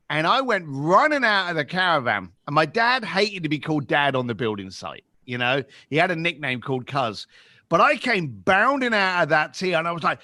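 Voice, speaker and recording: Lively London man telling stories. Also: on the high side, fairly quick, dry recording, clean studio sound. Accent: London English. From England. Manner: lively, acts out voices in anecdotes. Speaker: podcast guest. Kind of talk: animated storytelling.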